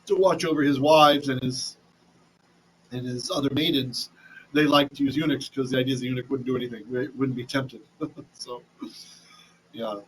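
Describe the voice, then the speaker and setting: A man's voice: mid-range voice, steady tone, moderate pace, pauses often, slight background noise, poor audio. A man teaching a casual Bible lesson, chatty, often restarting and asking "right?", reading Hebrew with an Ashkenazi accent. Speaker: Torah teacher.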